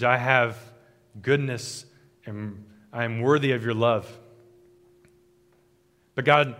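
Pastor preaching in a reverberant hall. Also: male voice, mid-range voice. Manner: earnest, rhythmic repetition, trailing off softer at phrase ends. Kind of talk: sermon and closing prayer. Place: church sanctuary.

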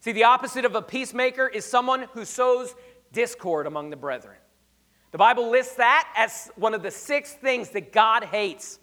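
Preacher guy, really high bright voice, chatty and emphatic, a little hoarse. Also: lively intonation, moderate pace. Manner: emphatic, conversational, rhetorical questions. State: slightly hoarse. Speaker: pastor. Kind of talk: sermon.

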